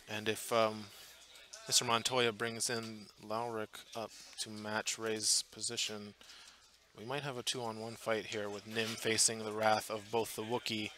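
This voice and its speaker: Bright-voiced man commentating a tabletop game. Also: lowish voice. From Portland area, US. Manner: chatty, thinking aloud with many fillers and restarts. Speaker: tournament commentator. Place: tournament hall booth.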